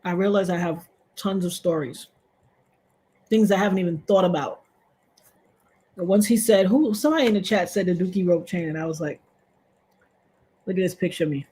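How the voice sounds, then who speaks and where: A woman hosting a livestream, telling a personal story in a casual, animated way and jumping to loud, high exclamations. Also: brisk, pauses often, slightly rough.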